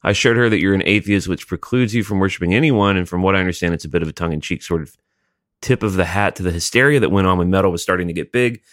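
A man's voice: low-pitched, fast talker, a bit bright, no room sound. A man hosting a podcast, reading listener mail and chatting in a dry, matter-of-fact way. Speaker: podcast host.

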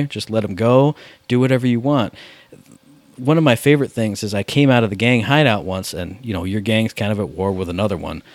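A man's voice: on the low side, no echo. A man rambling in casual chat about video games, with lots of filler words.

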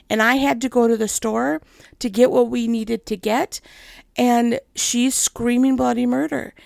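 A middle-aged woman hosting a casual faith talk, chatty and gentle, laughing often. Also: on the high side, vocal fry, dry recording, studio quality. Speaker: host.

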